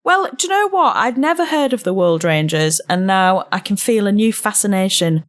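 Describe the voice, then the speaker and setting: A woman's voice: medium pitch, animated. A woman comedian guesting on a podcast, playful and joking in casual chat. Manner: playful, quick to joke and laugh.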